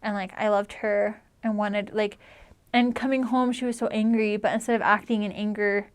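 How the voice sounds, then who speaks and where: A woman's voice: medium pitch, fairly even intonation, moderate pace, clean tone. A young woman in her twenties, a returned missionary, telling a personal story in a chatty, earnest way with lots of "like". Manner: chatty, heavy use of "like", earnest.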